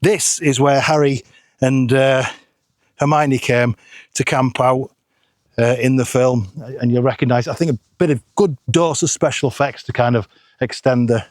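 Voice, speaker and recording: A man's voice: medium pitch, steady tone, moderate pace, no room sound, clean studio sound. A middle-aged man, chatting casually and joking at his own expense while vlogging outdoors on a hillside. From England. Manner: chatty, self-deprecating, jokey. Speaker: photography vlogger.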